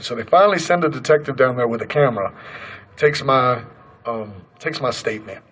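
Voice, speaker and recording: A man in his thirties speaks to a crowd, telling his own story. His voice sits in a middle pitch, and his manner is earnest and conversational. He slips into the voices of the people in his story as he goes. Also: a little fast, fairly bright tone, slightly rough, poor audio. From Colorado, USA. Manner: earnest, conversational, acts out quoted dialogue. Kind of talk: personal storytelling speech. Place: protest gathering outdoors.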